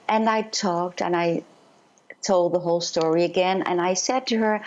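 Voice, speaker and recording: A woman psychic medium telling her story in an interview, earnest and halting, with many fillers. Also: medium pitch, darkish tone, muffled recording.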